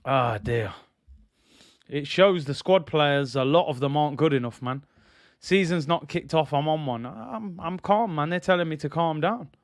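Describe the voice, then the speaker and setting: A man's voice: on the high side, moderate pace, no echo, clean studio sound. A young man hosting a live football watch-along, exasperated and sarcastic. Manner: exasperated, sarcastic, repeats himself. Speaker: football channel host.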